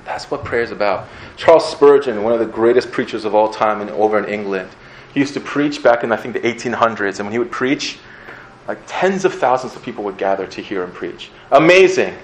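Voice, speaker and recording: A male pastor giving a sermon in a conversational, earnest way, with an animated delivery. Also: on the low side, brisk, a little hiss or hum, poor audio.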